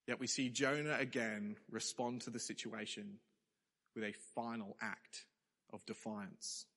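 A young man preaching a sermon in a lively, conversational way. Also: on the low side, unhurried. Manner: lively, conversational preaching with sudden emphatic rises. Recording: long hall reverb.

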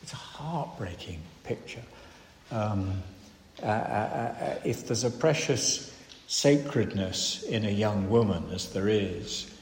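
A man preaching an expository sermon, earnest, moving between emphatic stresses and hushed, grave lines. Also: on the low side, slow, slight background noise. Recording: reverberant hall, faint room ambience.

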